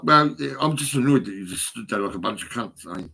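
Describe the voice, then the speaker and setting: A man's voice: on the low side, lively intonation, fast talker, hardly any pauses, pushed and bright, slightly rough. A middle-aged man, talking to his phone in a rambling, profane, agitated monologue that swings between mumbles and outbursts. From England. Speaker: vlogger.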